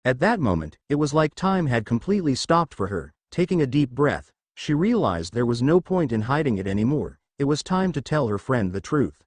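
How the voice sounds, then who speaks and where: A man's voice: mid-range voice, big pitch swings, moderate pace, few pauses, dry recording. A man reading a fan-fiction story aloud as narrator, voicing the characters with little change in his voice.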